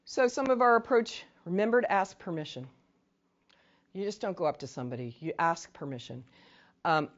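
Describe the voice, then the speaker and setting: A woman trainer with a New England accent leads a workshop in a training room, her lowish voice animated at normal speed with long pauses and dull audio. She speaks conversationally, often checking in with "right?", and acts out short sample phrases to victims.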